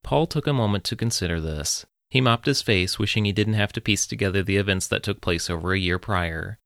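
A man narrating a story in a steady, even audiobook reading. His voice is very deep, and the recording is close and completely dry. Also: no echo.

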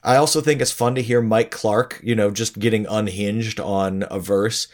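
A man co-hosting a podcast talks casually about songs, laid-back and chuckling. His voice is lowish, steady and a little mellow, at a normal speed.

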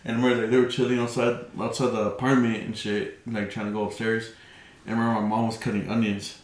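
A man's voice: on the low side, flat delivery, fast talker. Profane laughing young man in a roomy room. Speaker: podcast co-host. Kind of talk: casual chat.

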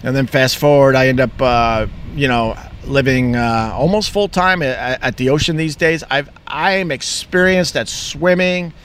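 A man's voice: mid-range voice, a little slow, hardly any pauses, fairly bright tone, a little hiss or hum. A middle-aged man from Long Island talking candidly in a rambling, casual monologue, swearing freely. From Long Island, New York. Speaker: vlogger.

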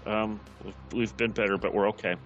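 A man's voice: fairly low pitch, fairly even intonation, brisk, a bit bright, faint music behind. A man playing a tabletop game as a player, asking direct questions. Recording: dull, muffled sound.

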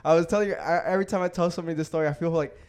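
A man's voice: a little high, steady tone, very fast, a little mellow, smooth. A young adult man hosting a casual podcast, telling a bar story in loose slang with lots of swearing. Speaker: podcast host. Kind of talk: casual chat.

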